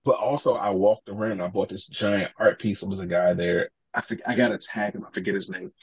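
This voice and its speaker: A man, a podcast guest, telling animated stories in casual talk, acting out other people's lines and swearing freely. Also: deep voice, brisk, breathy edge, no room sound, muffled recording. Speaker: podcast guest, sneaker collector. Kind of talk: casual storytelling.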